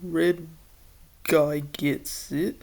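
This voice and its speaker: A woman reading the lines of a cheerful, reckless cartoon stuntman boy who cheers the others on, in a slow, lowish voice. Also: steady tone, gravelly, a little mellow, heavily acted. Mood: hyped.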